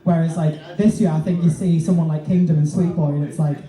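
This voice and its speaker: A man's voice: fairly high pitch, fairly even intonation, brisk, warm tone. A man co-hosting a live podcast in a bar, rambling and full of fillers, swearing freely. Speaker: co-host, drag performer. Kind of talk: casual live podcast chat. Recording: echoey bar, distant mic.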